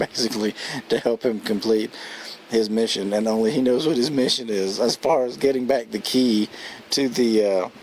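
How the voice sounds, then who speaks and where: A man's voice: mid-range voice, normal speed, a little hiss or hum, poor audio. A man giving a casual, rambling spoken film review, chuckling as he retells scenes. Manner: rambling, chatty, many restarts and fillers.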